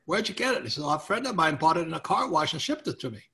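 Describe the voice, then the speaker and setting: This guest author talks at a quick pace as he gives an interviewer a long anecdote, full of energetic impressions of the people he quotes that keep the story rolling. His voice is strikingly bright and a touch higher than most men's.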